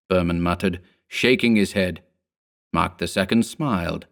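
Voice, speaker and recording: Low-voiced man narrating horror. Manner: measured, steady storytelling.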